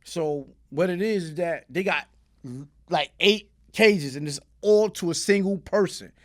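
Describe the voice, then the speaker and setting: A middle-aged man, a guest telling stories in a casual interview, in animated street slang that bursts into loud shouting. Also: high voice, a little slow. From New York.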